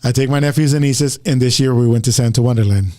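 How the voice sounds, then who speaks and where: A man's voice: mid-range voice, fast, a little mellow. A man hosting a casual talk show, telling a story to listeners in a rambling way, often repeating words and starting over. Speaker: podcast host.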